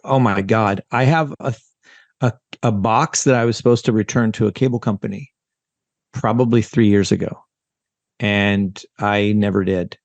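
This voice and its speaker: A man's voice: fairly low pitch, moderate pace, no room sound. Rambling self-mocking man, dry close mic. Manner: rambling, self-mocking, with restarts and bursts of animated quoting. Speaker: ADHD coach and podcast guest. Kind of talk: casual podcast chat.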